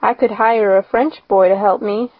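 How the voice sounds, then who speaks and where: A shy, gentle old farmer who talks slowly and hesitantly, as a woman reading a storybook puts him on. The voice is dry and close, with a slightly dull lo-fi tone. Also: medium pitch, steady tone, no echo, close to an everyday voice. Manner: slow, halting, reluctant.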